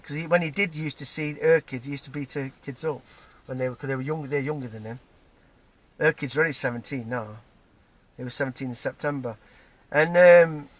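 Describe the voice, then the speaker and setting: A man from Nottingham, England, with a Nottingham accent and a voice on the high side with a fairly bright tone, vlogs an angry personal rant to camera. He swears heatedly, stumbles over restarts and tags lines with "right?".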